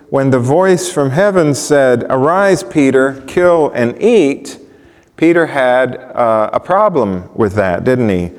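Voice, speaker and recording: A man preaching a sermon in a relaxed, conversational way, often putting questions to the congregation. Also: mid-range voice. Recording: long reverb of a large hall.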